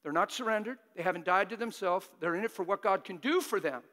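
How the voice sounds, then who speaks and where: A man preaching a fervent, exhorting sermon that bursts into shouting, in a church. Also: high voice, fast, in a large hall.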